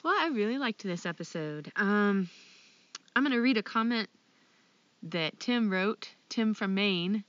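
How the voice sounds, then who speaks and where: A woman's voice: mid-range voice, lively intonation, measured pace, a bit bright, no echo. Friendly woman hosting a lo-fi podcast. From Ohio. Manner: friendly, giggly, reads listener mail. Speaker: podcast co-host. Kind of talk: casual podcast chat.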